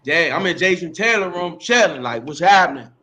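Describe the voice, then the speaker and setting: A man's voice: on the high side, animated, a little fast, pushed and bright, slight background noise. A middle-aged man, a podcast host, telling his life story in a casual interview, rambling, repeating himself and using slang and profanity.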